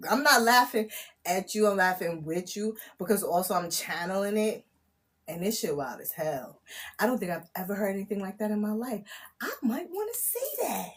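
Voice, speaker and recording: A woman, chatting on a live stream as a spiritual reader, laughing often, loud and disbelieving, full of slang. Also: mid-range voice, lively intonation, moderate pace. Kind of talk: casual live-stream chat.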